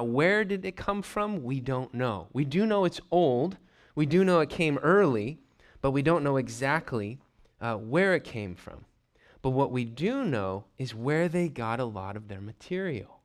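Speaking in a mid-range voice, this male pastor preaches a teaching sermon with energy, slipping into character voices for brief asides and occasionally clearing his throat.

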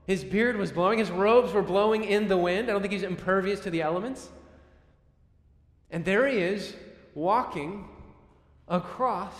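A man preaching a sermon, telling the story dramatically with sudden swings between loud and soft. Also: high voice. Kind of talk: expository sermon. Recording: echoey hall with long reverb.

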